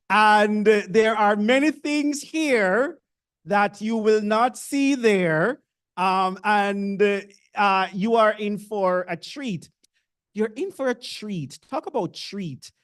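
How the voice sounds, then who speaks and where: A speaker with a Jamaican accent and a clean, medium-pitched voice gives new university students a casual orientation talk. They joke, tease the audience, poke fun at themselves, and chat freely with the crowd.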